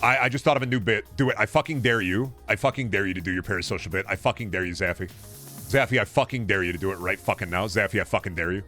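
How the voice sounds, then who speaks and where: A man's voice: on the low side, fast, bright, forceful tone, faint music behind. A man streaming a game, chatting casually in a rambling, profane, jokey way.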